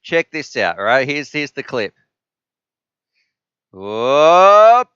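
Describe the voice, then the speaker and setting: A man's voice: medium pitch, expressive, moderate pace, sharp tone, no room sound, dull audio. A man hosting a casual live stream, joking and bantering with chat.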